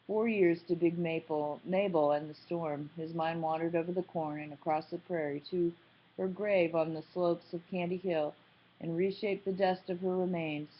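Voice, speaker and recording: Low-voiced woman reading a novel aloud. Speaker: audiobook narrator. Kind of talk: scripted narration. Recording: dull lo-fi recording.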